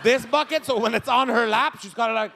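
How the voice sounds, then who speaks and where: A man doing live stand-up storytelling, animated and profane, laughing through his lines. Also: very high-pitched, fairly quick, vocal fry. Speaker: stand-up comedian. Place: live comedy stage. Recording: reverberant venue, faint crowd noise.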